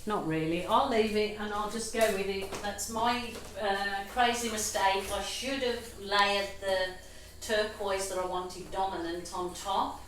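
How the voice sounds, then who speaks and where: A woman's voice: medium pitch, steady tone, measured pace, few pauses, a bit bright. A middle-aged woman, the channel's host, chatting casually and self-deprecatingly as she explains an acrylic paint pour at home. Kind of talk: casual how-to chat while painting. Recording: echoey room, faint ambient noise.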